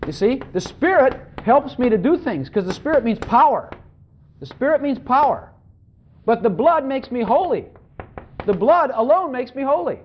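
A preacher giving a sermon in a conversational, animated way, often checking in with the audience. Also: sits high, normal speed, a little hiss or hum. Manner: animated, conversational, repeatedly asks "Hello?". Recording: dull lo-fi recording.

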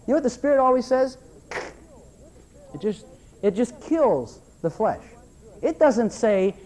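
Pastor guy preaching in church, high voice that swoops all over, acts out people's excuses. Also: moderate pace, long pauses. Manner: animated, repetitive preaching with mock-voiced asides. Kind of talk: sermon.

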